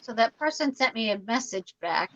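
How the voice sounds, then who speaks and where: Woman with a crisp, bright voice, walking a friend through a mix-up on a muffled video call. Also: fairly high pitch, expressive, moderate pace. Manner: explaining a problem step by step, mildly exasperated. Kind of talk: casual chat. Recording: dull lo-fi dry sound.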